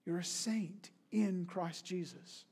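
A man's voice: high-pitched, slow pace, a little mellow, slightly rough. A middle-aged man, a pastor preaching a sermon in an earnest way, asking rhetorical questions.

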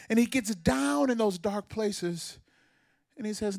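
A man preaching a sermon with passion, repeating phrases for emphasis and building to shouted peaks. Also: high voice, measured pace, no echo. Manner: impassioned, builds to shouted climaxes.

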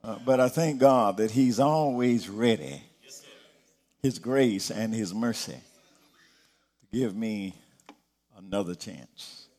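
A middle-aged man preaching a sermon, slow, dropping soft and low and then rising to emphatic peaks. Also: lively intonation.

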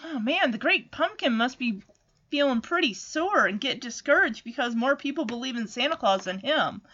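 An earnest, insistent little cartoon boy voiced by a woman retelling a story. His voice is bright and high. The sound is somewhat dull and lo-fi. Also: animated, moderate pace, exaggerated voice.

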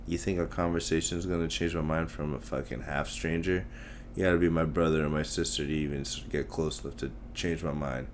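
Man, deep voice, from Tamil Nadu, podcast host, solo rant, blunt, heavy swearing, emphatic repeats. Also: a little hiss or hum. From Tamil Nadu, India. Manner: profane, blunt ranting; self-mocking, emphatic repetition.

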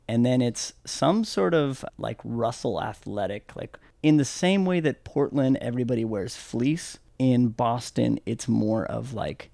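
Wry man with a gravelly edge. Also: mid-range voice, a little mellow, no echo. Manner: dry, wry teasing. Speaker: podcast co-host. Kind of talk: casual chat.

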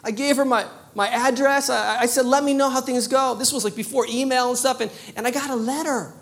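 A woman preaching a sermon, telling a story with lively animation, often repeating words and restarting. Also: high-pitched, a little fast. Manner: animated storytelling, laughing at herself.

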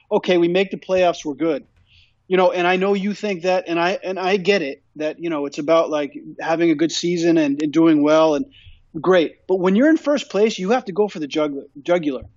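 High-voiced ranting sports podcast man. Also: darkish tone, no room sound, lo-fi sound. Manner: ranting, repetitive, emphatic. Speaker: podcast co-host. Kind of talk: casual sports chat.

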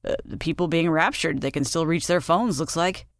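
Casting: woman playing a dry, unbothered husband, low and flat, close dry sound. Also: moderate pace, dry recording. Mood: deadpan. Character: deadpan skeptical husband.

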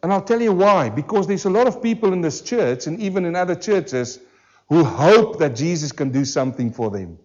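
A pastor preaching a sermon to a church congregation, emphatic and full of rhetorical questions, slowing down hard on key words. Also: male voice, a little high, expressive, muffled recording. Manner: emphatic, with rhetorical questions and slowed, drawn-out stresses. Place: church service.

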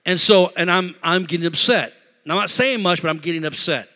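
A middle-aged man preaching a sermon in a church, telling a story in an animated, emotional way and talking straight to the congregation. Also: sits high, a little fast. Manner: animated, emotional, talks to congregation with "y'all" and "amen". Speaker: pastor. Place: church sanctuary.

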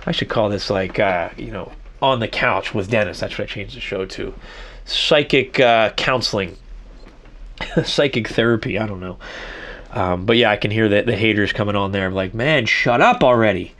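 A man's voice: on the low side, moderate pace, fairly bright tone. A middle-aged man hosting a solo podcast, rambling and self-reflective, with many restarts. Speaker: podcast host. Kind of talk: casual solo podcast monologue.

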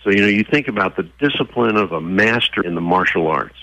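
Deep-voiced, bright-toned male storyteller. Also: fast talker, no room sound, rough recording. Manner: animated storyteller who acts out voices. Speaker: guest, author. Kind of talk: interview conversation with storytelling.

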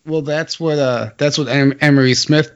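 Halting male guest on dull audio. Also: a little high, fairly even intonation, clear, resonant tone. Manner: halting, restarts, fillers. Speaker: podcast guest. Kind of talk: casual conspiracy chat.

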